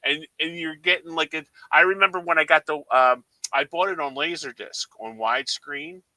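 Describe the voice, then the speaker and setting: A man's voice: fairly high pitch, normal speed, pushed and bright, no echo, low-quality recording. A man co-hosting a movie podcast, telling stories in a rambling, casual way full of fillers. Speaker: podcast co-host. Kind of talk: casual chat.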